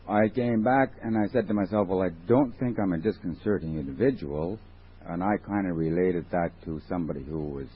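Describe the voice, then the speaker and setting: A man's voice: low voice, slightly rough. A man sharing at a recovery meeting, rambling and wry, questioning himself as he goes. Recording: tinny lo-fi 1980s tape.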